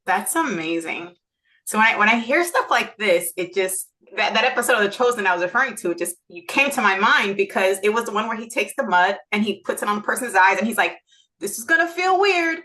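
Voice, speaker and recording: A woman's voice: mid-range voice, fast talker, sharp tone. A woman hosting a podcast, asking long rambling questions and often searching for her words. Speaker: podcast host. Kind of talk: casual interview questions.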